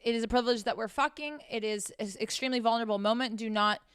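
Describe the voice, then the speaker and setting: A woman's voice: a little high, fairly even intonation, fast talker, clean tone, dry recording, clean studio sound. Brash, profane young woman giving advice. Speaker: podcast host giving sex advice. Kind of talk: blunt advice monologue.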